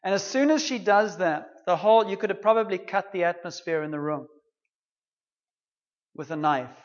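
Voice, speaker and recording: A man's voice: high-pitched, muffled recording. A man preaching a sermon, retelling a story in an earnest, conversational way.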